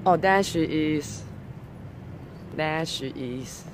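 At a park playground after dark, someone livestreaming casually on a handheld camera, with a Singaporean English accent, calls their dogs in a loud, high, excited voice and then murmurs low asides to the audience. Their speech is extremely slow, with background noise.

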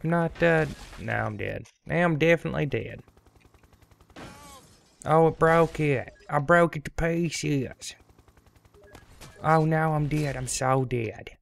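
A young man talks slowly through a game in a gravelly, slightly high voice. His commentary is goofy and rambling, and he drifts into singing snatches of a song. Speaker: let's play commentator. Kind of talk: casual gameplay commentary.

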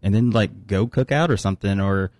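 A man's voice: lowish voice, fairly quick, a little mellow, dry recording, clean studio sound. A man co-hosting a casual podcast, laid-back and joking, swearing freely. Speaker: podcast co-host. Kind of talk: casual chat.

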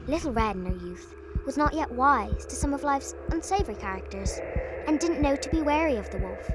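A woman narrating a fairy tale in an expressive, dramatic storytelling manner. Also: high-pitched, brisk, background noise. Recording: music playing behind.

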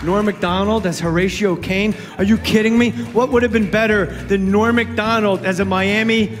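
A comedian doing a hesitant, mumbling impression, broken by laughs. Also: male voice, high voice, steady tone, normal speed, big-room sound, background noise. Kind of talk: comic impressions. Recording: loud crowd and music behind.

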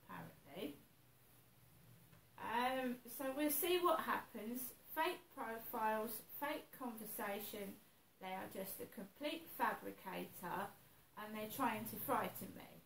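A woman's voice: fairly high pitch, expressive, unhurried, vocal fry. Woman, worried, hesitant, repetitive, echoey room, some distance from mic. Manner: worried, repeats herself, hesitant. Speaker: vlogger. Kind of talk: anxious personal vlog. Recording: echoey room, voice a bit far from mic, faint noise.

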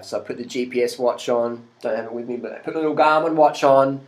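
A man's voice: mid-range voice, flat delivery, fast talker, few pauses, rough recording. A middle-aged man from Australia, ranting casually to camera and swearing freely as he laughs at other people. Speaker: vlogger.

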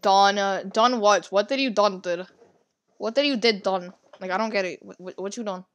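A woman giving casual, excitable commentary while playing a game, gasping and rambling. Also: medium pitch, normal speed. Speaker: gaming video creator.

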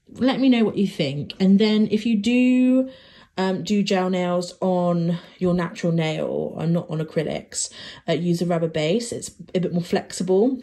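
A woman's voice: on the low side, warm tone. A young woman, chatting casually to camera in a vlog, rambling with lots of fillers and little giggles. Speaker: vlogger.

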